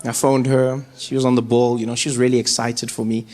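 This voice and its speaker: A man in his thirties with a South African accent performs stand-up for a live audience, storytelling animatedly and playing characters through big vocal jumps. He speaks briskly in a mid-range voice, with slight background noise.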